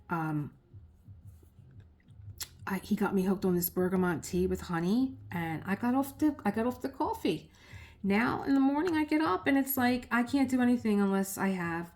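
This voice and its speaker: A middle-aged woman chatting casually to her viewers, telling a story lively with acted-out quotes. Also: mid-range voice, normal speed. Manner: animated storyteller acting out quotes with laughs. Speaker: vlogger.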